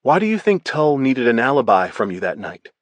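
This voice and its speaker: Guy doing a sharp lady detective, higher voice, pointed questions, dry audiobook sound. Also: very animated, brisk, no room sound, lightly acted. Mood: probing. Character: sharp female police detective.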